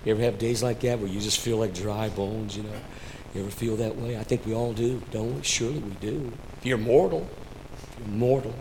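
A man preaching a sermon, swinging between soft, low asides and loud, rising declarations, and addressing listeners by name. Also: steady tone, fairly quick, slight background noise, poor audio.

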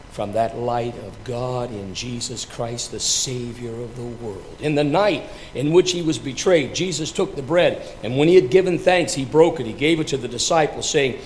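A man, a pastor, telling a story dramatically before leading communion, swinging between loud and hushed delivery. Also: medium pitch, a little hiss or hum.

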